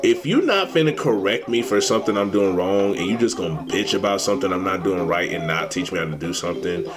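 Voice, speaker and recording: A young man chats loosely while he streams a game, his pitch swinging wide as he rants in exasperation. He swears freely and riffs on pet peeves. Game music plays clearly behind him. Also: fast talker. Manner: animated, swearing, exasperated ranting. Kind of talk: casual rant while gaming.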